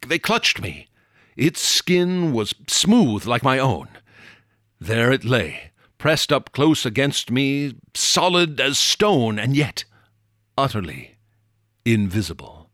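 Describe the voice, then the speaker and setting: A man narrating a classic horror tale in a measured, dramatic way, dropping low and slowing down for suspense. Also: a bit bright, no echo, clean studio sound. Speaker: audiobook narrator. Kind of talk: dramatic horror story reading.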